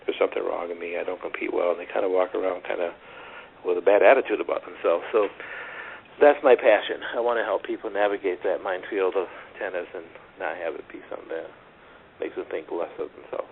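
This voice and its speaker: A man's voice: deep voice, steady tone, quick pace, creaky. A middle-aged man, a tennis coach, telling stories earnestly in a phone interview, rambling with restarts. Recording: tinny phone line with faint hiss.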